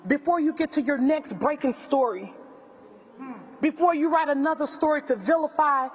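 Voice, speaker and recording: At a press conference, a middle-aged Southern US woman speaks as a family friend, delivering an impassioned speech with emphatic repetition of phrases. Her voice is high-pitched, carries a little hiss or hum, and rings with long hall reverb.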